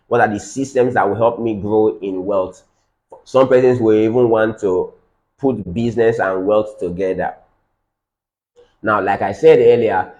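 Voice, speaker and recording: Emphatic low-voiced man teaching. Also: dark tone. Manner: repetitive, emphatic, repeats key phrases. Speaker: business trainer. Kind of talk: live-streamed teaching session.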